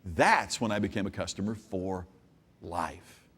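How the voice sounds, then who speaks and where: A man giving a live keynote speech, telling a story and swinging from hushed asides to loud outbursts. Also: deep voice, measured pace, breathy edge. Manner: animated storyteller with big swings from hushed to shouting. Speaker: keynote business speaker. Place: large hall with an audience. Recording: long hall reverb.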